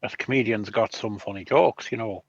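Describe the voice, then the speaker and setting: A man's voice: fairly low pitch, moderate pace, no room sound, highs cut off. A man playing in a tabletop game, trading puns in character over a remote call. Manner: dry, joke-telling, punning. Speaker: player.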